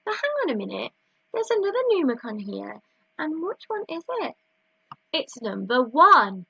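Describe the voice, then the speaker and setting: A woman with a Northern English accent, teaching a slow, clear maths lesson to young children with counting chants. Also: sits high, sing-song, pushed and bright, no echo, dull audio. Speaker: reception class teacher.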